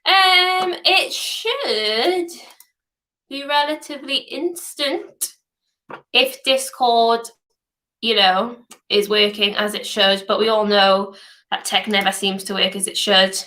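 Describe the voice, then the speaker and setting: A young woman from northeast England with a softened Geordie accent and a sore throat, chatting casually as host of a hackathon livestream Q&A. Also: fairly high pitch, takes it slowly. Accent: softened Geordie, somewhat posh. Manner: chatty, reads questions aloud, hums while waiting.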